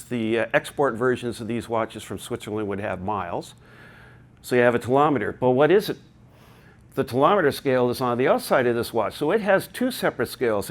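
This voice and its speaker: A man presenting a technical talk to a live conference audience, chatty and digressive, with joking asides. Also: mid-range voice. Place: conference hall.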